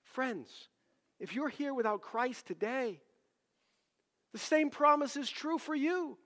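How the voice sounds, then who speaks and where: A male pastor delivering a sermon in an impassioned way, building up to loud, emphatic peaks. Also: very high-pitched, lively intonation, slow. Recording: preached in a reverberant hall.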